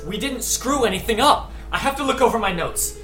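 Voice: animated, brisk, a bit bright, natural voice. A game master voicing a distraught young woman ritualist who stammers in panic, recorded in an echoey room with music. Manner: shrill, frantic, stammering.

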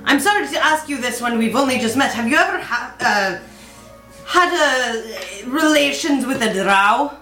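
Woman, tabletop player, teasing, slow, bright tone, echoey room. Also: on the high side, expressive. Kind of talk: tabletop game chat. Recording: roomy echo with faint music.

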